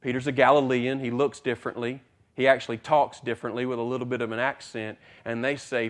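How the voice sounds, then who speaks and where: A man's voice: mid-range voice, fairly quick, fairly bright tone. A male pastor preaching a sermon, retelling a story with acted-out dialogue and repeated words as he builds intensity.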